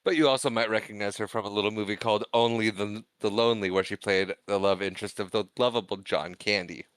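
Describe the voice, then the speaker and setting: Smooth-voiced man co-hosting a podcast. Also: on the low side, steady tone, fast, fairly bright tone, no room sound. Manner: laughing, self-deprecating, reads credits aloud. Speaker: podcast co-host. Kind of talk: casual chat.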